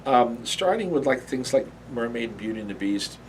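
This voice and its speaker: A man being interviewed, telling animation stories in a lively, casual way, often laughing and briefly acting out cartoon voices. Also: mid-range voice, normal speed, slight background noise.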